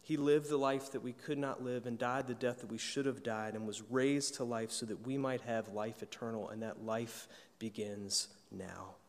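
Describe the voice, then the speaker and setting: A man's voice: medium pitch, fairly even intonation, moderate pace, few pauses. Preaching man in a reverberant church hall. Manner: earnest preaching, rising to emphatic peaks. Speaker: pastor. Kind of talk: sermon.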